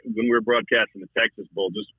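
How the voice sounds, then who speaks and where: Broadcaster guest calling in: man, raspy, phone-thin sound, lively restarts. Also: fast, no echo, narrow, tinny audio. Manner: animated, repeats words, shifts pitch a lot. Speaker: college football broadcaster, guest. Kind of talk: casual sports talk.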